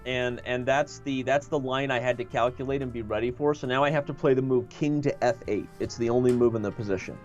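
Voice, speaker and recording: A man's voice: medium pitch, fairly even intonation, brisk, hardly any pauses, muffled recording, soft background music. A man commentating a chess game he is playing on a live stream, joking and thinking aloud.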